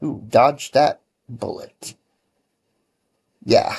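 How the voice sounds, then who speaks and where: A man of medium pitch chats loosely on a programming livestream. He rambles and corrects himself mid-sentence while giving casual advice. He sounds a little tired and yawny. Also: lively intonation, measured pace, a little mellow. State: tired, yawning. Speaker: livestreaming game developer.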